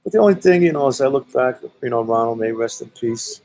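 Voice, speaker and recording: A man's voice: medium pitch, expressive, a little fast, a little mellow, a little hiss or hum, low-quality recording. A man from Brooklyn with a Brooklyn accent telling a story in a blunt, profane, rambling way, full of "you know"s. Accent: Brooklyn New York. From Brooklyn, New York. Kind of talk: casual spoken storytelling.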